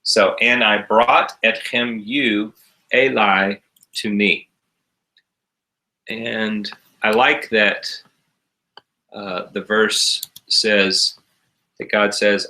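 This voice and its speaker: A man's voice: on the low side, fairly even intonation, slow, long pauses, pushed and bright, rough recording. A man teaching a recorded class, explaining each step patiently. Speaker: Hebrew teacher.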